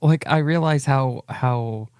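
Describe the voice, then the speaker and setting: A man's voice: mid-range voice, slow, darkish tone, clear, resonant tone. A man co-hosting a casual podcast, talking about books in an easygoing, self-deprecating way with hesitant fillers. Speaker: podcast co-host. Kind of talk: casual book chat.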